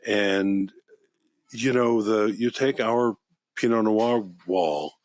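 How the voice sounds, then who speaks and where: A man with a somewhat low voice chats casually on a podcast about wine. He rambles happily from one story to the next, clearly excited by the subject. The recording is close and dry, with no room sound. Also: slow pace, no room sound. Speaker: wine shop podcast host. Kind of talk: casual chat.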